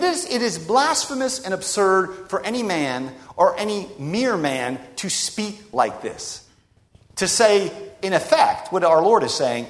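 A man preaching a sermon in an emphatic, rhetorical way with dramatic pauses. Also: high-pitched. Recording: long reverb of a large hall.

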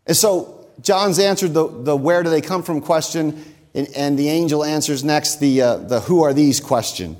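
A man preaching a sermon, who slows down and stresses key phrases. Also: a little high, a little mellow. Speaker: pastor.

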